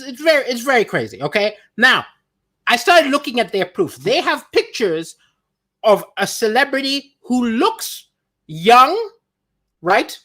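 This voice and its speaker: A man hosting a comedy livestream from home, reading viewer comments aloud and riffing on them with lively, playful delivery. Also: high-pitched. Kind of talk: casual comedic livestream chat.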